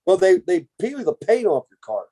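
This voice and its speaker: A man co-hosts a homemade podcast, telling family stories in a loose, rambling way full of restarts and jokes. His voice sits a little high, with a dark, mellow tone. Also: very animated, moderate pace, husky. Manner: rambling, self-interrupting, jokey. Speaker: podcast co-host. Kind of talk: casual family storytelling chat.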